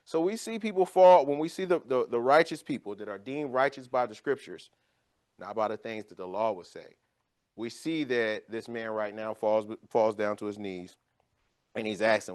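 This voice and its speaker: A man teaching an informal Bible study, explaining scripture with lively storytelling and acted-out scenes. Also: lowish voice, normal speed. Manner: animated storytelling, acts out scenes.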